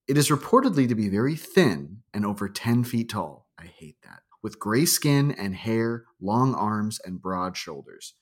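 A man's voice: big pitch swings, measured pace, few pauses. A man co-hosting a podcast, joking casually and reading spooky accounts aloud. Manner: joking, reads quotes in a low rustic voice. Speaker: podcast co-host.

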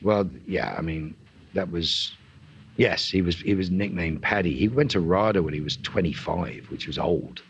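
A man from England, a guest actor in an interview, talking conversationally and telling animated stories. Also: deep voice, moderate pace, lo-fi sound, slight background noise. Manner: animated storyteller, voices other people in anecdotes.

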